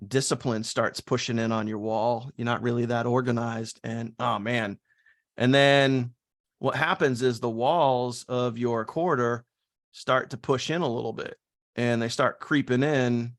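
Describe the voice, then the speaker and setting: A man's voice: medium pitch, a little slow, dry recording, clean studio sound. A man teaching online business in a casual, slangy style, acting out his students' worries and doubts. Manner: animated, slangy, acts out students' inner doubts.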